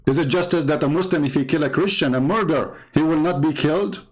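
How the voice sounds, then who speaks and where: A man's voice: fairly high pitch, quick pace. A man hosting a live stream, giving a sarcastic, mocking polemical monologue with chuckles.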